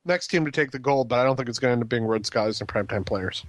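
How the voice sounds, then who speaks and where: A man's voice: mid-range voice, racing, no room sound. A man co-hosting a casual wrestling podcast, rambling with frequent ums and restarts. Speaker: podcast co-host.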